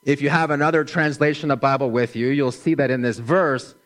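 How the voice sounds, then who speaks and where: A middle-aged man preaching a sermon in a slow, gentle, measured way, dropping his voice softly for emphasis. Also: mid-range voice, fairly even intonation. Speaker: pastor.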